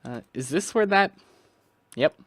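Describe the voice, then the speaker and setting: A young man narrates his own gameplay in a loose, rambling way, thinking aloud and restarting his sentences often. His voice rises and falls with a lot of melody, and he talks at an unhurried, slow pace. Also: fairly high pitch, expressive, fairly bright tone. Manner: rambling, self-talking, musing aloud with restarts. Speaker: gaming video creator. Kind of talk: casual gameplay commentary.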